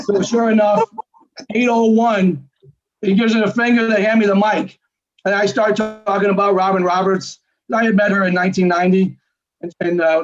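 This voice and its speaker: A man telling a personal story in a casual, animated way, acting out the lines of the people in it. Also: sits high. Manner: animated, quick storytelling with quoted dialogue. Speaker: guest storyteller. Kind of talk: casual anecdote. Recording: dull lo-fi sound.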